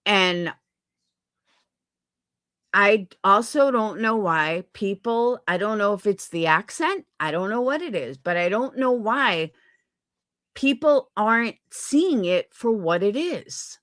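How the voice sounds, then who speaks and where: A woman's voice: medium pitch, lively intonation, takes it slowly, a bit bright, dry recording. A woman streamer venting in an angry, profane rant on a livestream. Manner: heated, profane, repetitive venting. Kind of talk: angry ranting livestream commentary.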